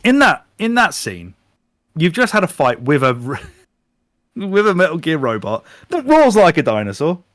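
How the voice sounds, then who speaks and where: A man co-hosting a podcast in casual chat, animated and swearing freely while retelling things. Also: on the high side, moderate pace, no echo, clean studio sound. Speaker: podcast co-host. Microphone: podcast microphone.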